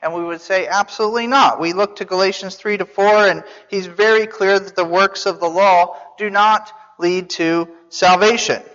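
A man's voice: high voice, steady tone, moderate pace, hardly any pauses, a bit bright. A man teaching a Bible sermon as a pastor, conversational, asking his listeners questions with some restarts. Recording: dull sound in a reverberant hall.

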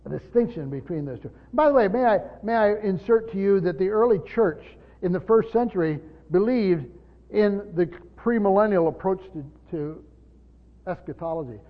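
Male pastor, high voice, emphatic teaching sermon with rhetorical questions; muffled church recording with long reverb. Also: lively intonation, moderate pace. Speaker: pastor teaching Bible study.

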